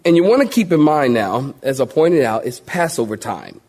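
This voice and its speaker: A man preaching a sermon, telling a Bible story with lively, animated delivery and acting out the voices of the people in it. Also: mid-range voice, moderate pace.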